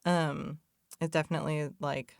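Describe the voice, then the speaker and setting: Low-voiced woman chatting casually. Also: level tone, moderate pace, vocal fry, no room sound, clean studio sound. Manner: chatty, loose, peppered with "like" and "y'all". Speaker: podcast host. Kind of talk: casual reflective talk on addiction recovery.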